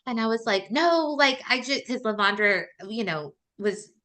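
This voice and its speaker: A woman's voice: fairly high pitch, moderate pace. A woman podcast host, telling a personal story in casual chat, with lots of fillers and laughter. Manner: chatty, animated, many "like" fillers and laughs.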